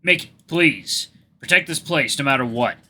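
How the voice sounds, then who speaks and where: A man's voice: mid-range voice, lively intonation, moderate pace, bright, forceful tone. A man reading as a stern alpha wolf. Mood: stern, calm. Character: stern alpha male wolf, calm and commanding.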